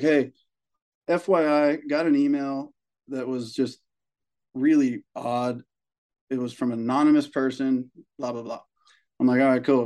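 Coaching high school baseball is the topic as a young man chats casually, podcast-style, in a normal middle-pitched voice. He tells his stories animatedly with some profanity, slipping into higher voices to play the parents and coworkers he quotes.

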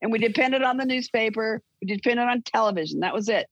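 An older woman guest with a husky, gravelly voice who wanders through her stories and corrects herself as she goes. The sound is dry and a little dull, with no room echo. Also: a little high, fast talker. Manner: rambling, self-correcting storyteller. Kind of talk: casual chat, storytelling.

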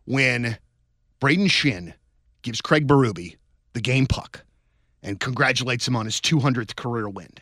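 A man co-hosting a sports podcast, telling stories in a rambling, animated way with many restarts. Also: medium pitch, a little slow, pauses often, dry recording, clean studio sound. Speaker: podcast co-host. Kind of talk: casual sports chat.

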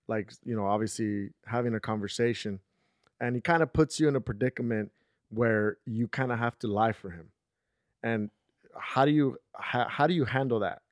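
A man's voice: mid-range voice, normal speed, no echo, clean studio sound. A man hosting a casual chat, telling stories and acting out the quotes with rising heat. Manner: animated storyteller, acts out quotes with rising intensity. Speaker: podcast host.

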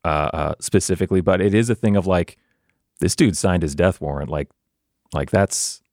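A man playing in a tabletop game, explaining his character's choices in a halting way, full of fillers and laughs. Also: sits low, darkish tone, no echo, studio quality. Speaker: player. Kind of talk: casual tabletop game talk.

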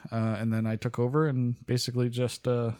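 A man chatting casually as a podcast guest, relaxed and rambling, laughing often. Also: mid-range voice, fairly quick. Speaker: guest and pipe band member. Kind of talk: casual chat.

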